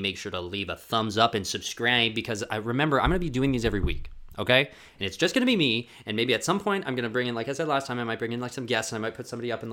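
Male vlogger, fairly low voice, loose and profane, rambles through comic anecdotes and jumps up in pitch for quoted lines. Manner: animated, profane, full of "like" fillers. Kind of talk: rambling comedic storytelling.

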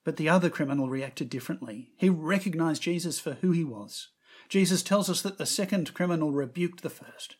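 A man preaching a sermon, telling the story with expressive emphasis and lifting his voice on quoted words. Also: fairly high pitch, brisk, slightly rough.

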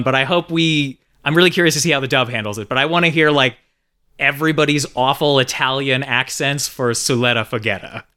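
Podcast guest guy, rambly and self-deprecating, bright smooth voice. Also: medium pitch. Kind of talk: casual chat.

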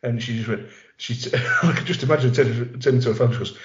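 A man with a medium-pitched voice talks fast as a podcast guest in casual conversation. He tells long, rambling stories peppered with wisecracks. The audio is roomy and lo-fi.

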